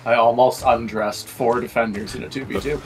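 A man's voice: mid-range voice, steady tone, brisk, soft background music. A man bantering casually while playing a video game, laid-back and joking. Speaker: gamer and co-host. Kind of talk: casual gaming chat.

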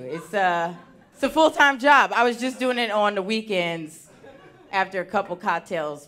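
A young woman doing a stand-up comedy set on a theater stage, talking with lively, animated swings in loudness. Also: mid-range voice. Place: theater stage before a live audience.

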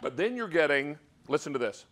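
A man's voice: on the high side, big pitch swings, brisk, heavy background noise. A man hosting a live TV shopping cooking demo, with upbeat, salesy patter. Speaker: shopping channel host.

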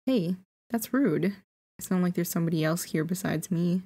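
A woman's voice: fairly low pitch, moderate pace, dark tone, breathy edge. A woman reading the lines of a cocky, moody young boy in a game, smug and lecturing.

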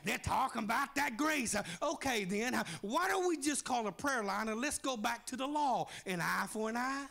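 A pastor preaching a fiery revival sermon in a church service, shouting and sing-song, punctuating phrases with "uh". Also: male voice, very high-pitched, expressive, normal speed, vocal fry, hardly any pauses.

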